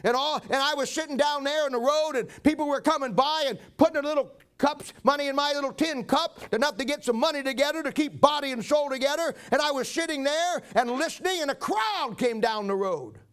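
A man's voice: extremely high pitch, brisk, hardly any pauses, fairly bright tone. A man voicing an old blind beggar who is testifying with fervent joy. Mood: eager. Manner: fervent storytelling, crying out.

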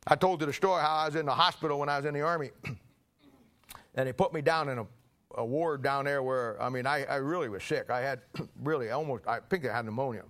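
An older man preaching a sermon, telling folksy stories and clearing his throat often. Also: medium pitch, fast talker, fairly bright tone. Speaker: pastor. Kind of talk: sermon with personal anecdotes.

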